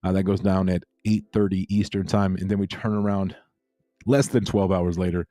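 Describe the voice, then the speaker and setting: Male livestream host, low mellow voice, loose repetitive chatter, dry close mic. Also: steady tone, moderate pace, dry recording. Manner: laid-back, repeats himself, reads chat aloud. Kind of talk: casual livestream chat with viewers.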